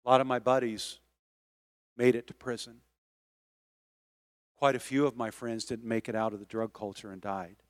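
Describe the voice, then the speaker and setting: A man preaching a sermon as pastor, moving from quiet storytelling to loud, rising exhortation. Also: mid-range voice, little pitch movement, normal speed, pauses often, no room sound, clean studio sound. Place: church sanctuary.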